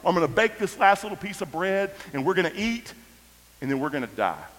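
A desperate widow woman, as a male preacher puts her on, speaks high and strained, pushing her voice louder as she pleads. Her words ring through a large echoing hall. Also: sing-song, fairly quick. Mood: frantic. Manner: exasperated, pleading, rising in pitch. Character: desperate poor widow woman, frantic mother. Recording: echoey hall.

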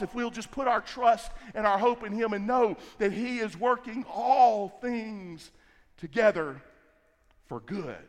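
A middle-aged man preaches from the pulpit in a notably high voice, leaning hard on repeated phrases and stretching out the words he wants to stress. His voice rings through a large church hall with a long reverb trailing each line. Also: a bit bright. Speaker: pastor. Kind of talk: sermon.

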